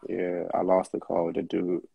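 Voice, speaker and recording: Low gravelly laid-back man. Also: completely flat delivery, brisk, no room sound, dull audio. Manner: profane, laid-back, slangy. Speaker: car rental host. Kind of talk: casual storytelling livestream.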